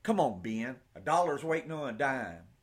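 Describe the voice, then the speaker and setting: A man voicing a brisk, protective young woman schoolteacher in an audiobook, with a firm, scolding older-sister tone. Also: mid-range voice, big pitch swings, pitched above the performer's own voice, close to an everyday voice.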